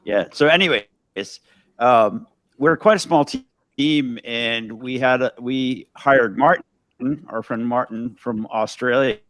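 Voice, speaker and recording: A man on a video call reminiscing casually, relaxed and filler-heavy. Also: mid-range voice, measured pace, no echo. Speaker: guest.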